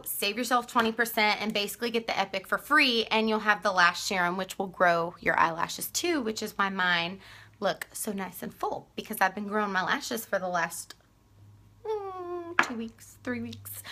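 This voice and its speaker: Bright, chatty Texan woman selling makeup. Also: medium pitch. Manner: chatty, laughs often, greets viewers by name. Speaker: live-stream makeup seller. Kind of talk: casual live-stream sales chat.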